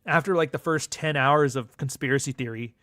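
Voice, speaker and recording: A young man hosts a livestream, wandering from point to point in a profane, sardonic rant. His voice sits at an ordinary middle pitch. The recording is dry and close, with no room sound. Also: a little fast, pushed and bright, no echo. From Canada. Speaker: livestream host. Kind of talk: casual ranting monologue.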